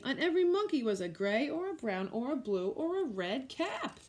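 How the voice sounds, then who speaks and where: Teacher, woman, high and lively read-aloud voice for little kids. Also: moderate pace, slight background noise. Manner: animated, expressive storytelling. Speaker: preschool teacher. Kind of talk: reading a picture book aloud to children.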